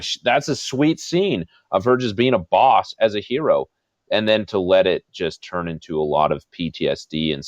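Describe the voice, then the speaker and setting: Deep voiced podcast guy, gushy and excited, dry muffled remote sound. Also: no echo. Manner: eager, gushing, repeats phrases. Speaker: podcast co-host. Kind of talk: casual podcast discussion.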